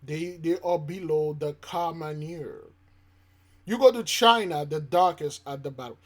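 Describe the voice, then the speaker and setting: Guy ranting on his channel, slightly high voice, preachy and repetitive, gets loud then drops low. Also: a little slow. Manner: preachy, emphatic, repetitive, swinging loud and soft. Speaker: channel host. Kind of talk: reaction commentary.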